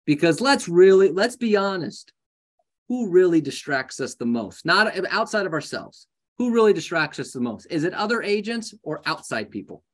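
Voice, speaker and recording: A man coaching a live group of real estate agents in a lively, joking way, often acting out conversations. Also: high-pitched, normal speed. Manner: animated, jokey, acts out conversations.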